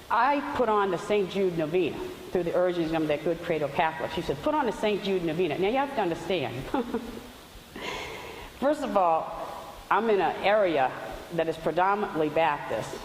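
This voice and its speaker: A woman giving a chatty faith testimony, telling stories with loose asides. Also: fairly low pitch. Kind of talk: storytelling testimony talk. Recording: roomy hall with faint hiss.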